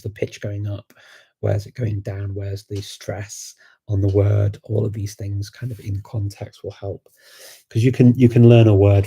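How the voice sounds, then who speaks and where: A man's voice: fairly low pitch, vocal fry, warm tone, breathy edge. A man with a Scouse accent, from Liverpool, chatting casually about learning languages, rambling with many fillers and restarts. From Liverpool, England. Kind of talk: casual livestream Q&A.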